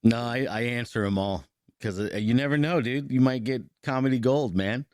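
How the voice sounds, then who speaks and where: A man's voice: mid-range voice, moderate pace, a little mellow, no echo, clean studio sound. Laughing man telling prank-call stories. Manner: laughing storyteller acting out prank calls in silly voices. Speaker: podcast co-host. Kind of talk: casual chat.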